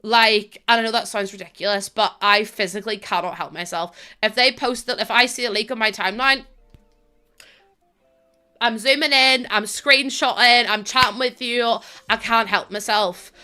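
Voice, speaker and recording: A woman's voice: fairly high pitch, fairly even intonation, normal speed, sharp tone, smooth. A woman with a Northern Irish accent chatting casually on a live stream, laughing often and thanking viewers by name. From Northern Ireland.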